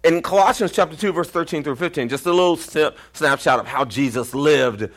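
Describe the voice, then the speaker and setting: A pastor with a Texan accent preaching a storytelling sermon, acting out quoted voices and sometimes near-shouting. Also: male voice, a little high, brisk.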